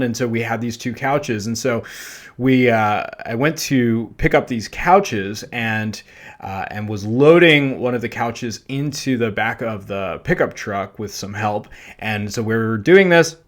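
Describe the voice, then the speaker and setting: A man hosting a podcast, telling a personal anecdote in a loose, animated way, full of fillers and self-deprecating laughter. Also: mid-range voice, unhurried. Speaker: podcast host. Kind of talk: storytelling monologue.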